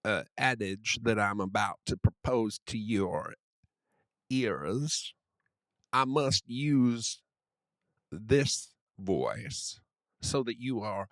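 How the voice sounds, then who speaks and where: A man putting on a pompous, verbose Southern gentleman with a put-on Southern accent, drawing his words out. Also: fairly low pitch, no echo. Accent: American Southern, put on. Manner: flowery, drawn-out, overly formal. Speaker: podcast co-host.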